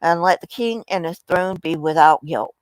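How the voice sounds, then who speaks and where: A woman reading aloud the words of a humble widow pleading before a king, in her own fairly low voice. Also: normal speed, clean tone, no room sound, natural voice, low-quality recording.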